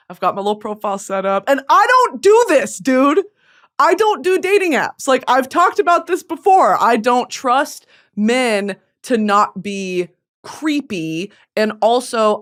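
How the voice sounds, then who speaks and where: A woman in her twenties hosting a podcast, telling a comedic story in a self-mocking, animated way, jumping between loud bursts and low mutters. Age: 20s. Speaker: podcast host.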